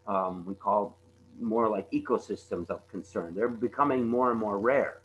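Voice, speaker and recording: A man giving a conservation talk over slides, halting often and repeating words with many fillers. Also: on the low side, muffled recording, a little hiss or hum. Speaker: conservation presenter. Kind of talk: webinar slide presentation.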